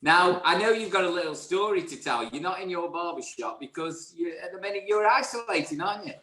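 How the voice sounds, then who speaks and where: A man's voice: high voice, animated, a little fast, bright, forceful tone, reverberant, low-quality recording. A man hosting a chat show, friendly and prone to stammered restarts. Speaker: host. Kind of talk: casual chat.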